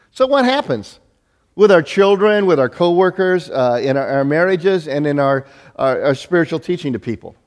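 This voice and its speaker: Middle-aged male pastor, slightly high-pitched, lively storytelling sermon, long hall reverb. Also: brisk. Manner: animated, self-deprecating storytelling with many restarts.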